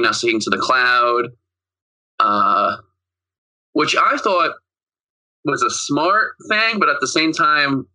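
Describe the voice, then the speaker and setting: Male podcast co-host, very bright and forceful tone, mid pitch, rambling casual movie recap. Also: low-quality recording. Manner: rambling, retells scenes with quoted lines.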